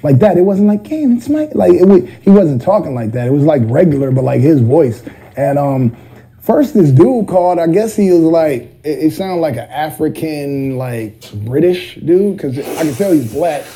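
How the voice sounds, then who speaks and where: A man's voice: fairly high pitch, lively intonation, moderate pace, dark tone, poor audio. A middle-aged man, a rapper, casually telling a rambling story full of fillers, now and then mimicking other voices.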